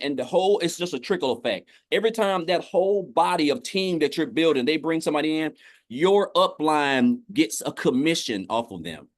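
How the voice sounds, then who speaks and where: A man's voice: a little high, dry recording, studio quality. Upbeat man on a livestream. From Tennessee, US. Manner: upbeat, keeps saying "guys", restarts phrases. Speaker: guest on an online business livestream. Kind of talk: casual testimonial chat.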